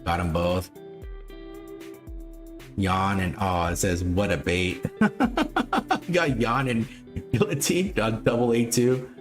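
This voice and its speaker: A man's voice: fairly low pitch, animated, takes it slowly, pauses often, soft background music. A man hosting a livestream, chatting casually and repetitively with frequent chuckles. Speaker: livestream host.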